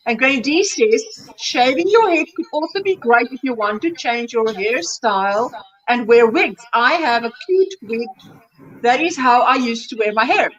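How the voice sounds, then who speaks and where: A high-pitched woman hosts a casual livestream, reading out viewers' comments and chatting back about them. The sound is dull and lo-fi. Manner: reads comments aloud and reacts warmly. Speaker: livestream host.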